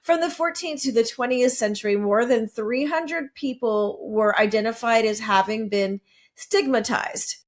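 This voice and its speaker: A woman's voice: fairly high pitch, a little slow. A woman co-hosting a podcast, reading out facts in casual chat with chatty asides. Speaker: podcast co-host.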